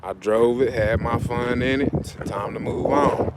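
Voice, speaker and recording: A man's voice: medium pitch, steady tone, a little slow, heavy background noise. A man chatting loosely on a livestream, rambling and repeating himself, outdoors by his vehicles on a phone. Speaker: livestream host. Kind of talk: casual livestream chat.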